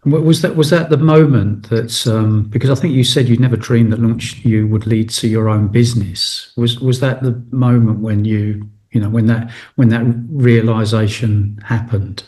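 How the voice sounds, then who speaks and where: A man's voice: mid-range voice, fairly even intonation, moderate pace, hardly any pauses, a little mellow. A man hosting an interview, asking his guest encouraging, prompting questions. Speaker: interviewer, host. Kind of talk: conversational interview.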